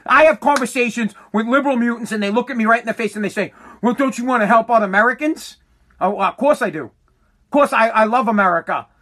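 A man's voice: very high-pitched, pushed and bright. A man who runs a contracting business, delivering a heated, profane political rant and hammering his points again and again. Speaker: working contractor.

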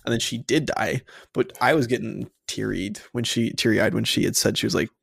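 A man with a gravelly, rough-edged voice talks through a film review in loose, excited podcast chat. He circles back and restarts as he gushes like a devoted fan. The sound is dry and close, with no room around it. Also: medium pitch, brisk, dry recording. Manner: enthusiastic fan, rambling with restarts. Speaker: podcast co-host. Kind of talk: casual movie review chat.

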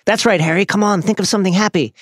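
A man reading the lines of a gentle, encouraging teenage witch from a book, in a soft voice. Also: sits high, brisk, gravelly, no room sound, clean studio sound, voice pushed up.

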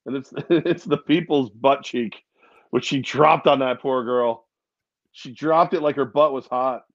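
A man's voice: mid-range voice, unhurried, dry recording, lo-fi sound. A man co-hosting a podcast in casual chat, rambling through jokes and laughing often. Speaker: podcast co-host.

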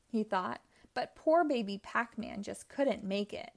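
A woman reading a children's storybook aloud in a slow, expressive way, lightly voicing the characters. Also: mid-range voice, creaky. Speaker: storybook reader.

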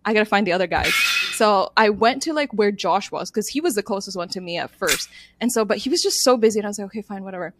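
A woman's voice: medium pitch, expressive, quick pace, background noise. A young woman co-hosting a podcast, telling a story in casual chat and laughing often. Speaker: podcast co-host.

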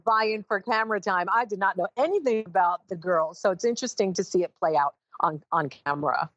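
An American woman in her fifties chatting as a guest in an interview, animated and emphatic, often laughing. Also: medium pitch, brisk, no room sound, muffled recording. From United States. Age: 50s. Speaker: guest judge. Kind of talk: casual interview chat.

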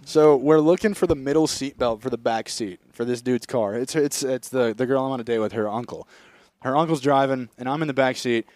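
A man's voice: mid-range voice, brisk, a little mellow, dry recording. A young man co-hosting a podcast, rambling and crude in casual chat. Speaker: podcast co-host.

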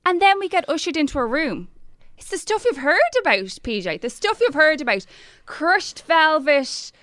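A high-pitched Irish woman tells a breathless, animated story in casual chat. She slips into the voices of the people she quotes. The sound is dry and close. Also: normal speed, no echo. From Ireland. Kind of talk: casual chat, telling an anecdote.

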